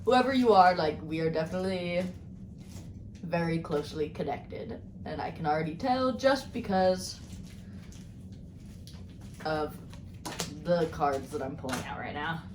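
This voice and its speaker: A woman giving a casual tarot card reading, bubbly and rambling as she talks excitedly. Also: deep voice, a little slow, pauses often, reverberant, a little hiss or hum. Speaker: tarot reader.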